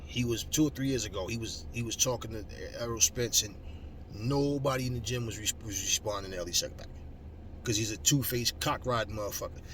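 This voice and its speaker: A man hosting a boxing channel, ranting at viewers, loud and mocking, swearing constantly. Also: on the low side, brisk. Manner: loud, mocking, heavy cursing. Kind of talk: profane rant to viewers. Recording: slightly distant mic with faint background noise.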